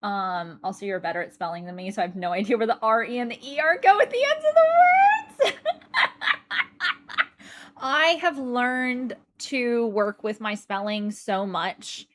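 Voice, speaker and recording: An American-accented woman with a faint British lilt streams casually, her talk unhurried and rambling. She chats to her viewers and thanks them as she goes. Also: on the high side, lively intonation. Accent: American with slight British influence. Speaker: Twitch streamer. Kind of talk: casual live-stream chat.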